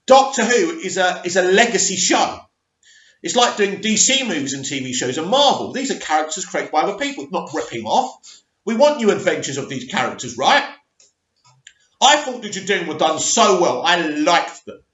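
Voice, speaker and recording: A man giving an opinionated, animated review of a TV episode and talking straight to his viewers. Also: high-pitched, normal speed. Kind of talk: casual reaction review. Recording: echoey, slightly dull recording.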